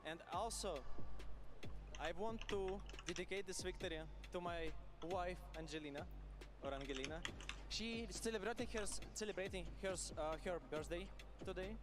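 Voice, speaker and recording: A man giving a halting post-match speech, pausing often and filling gaps. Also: high-pitched, over music. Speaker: player.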